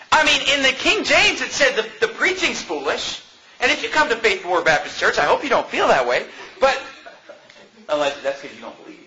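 An American pastor preaching a sermon in an animated, mocking way, laughing often. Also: male voice, very high-pitched, a little hiss or hum, low-quality recording.

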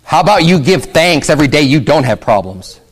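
High-voiced preaching man, emphatic. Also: big pitch swings, a little fast, husky. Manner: preaching with rising, emphatic peaks and rhetorical questions; reads scripture aloud then explains in casual asides. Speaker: pastor. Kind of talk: sermon.

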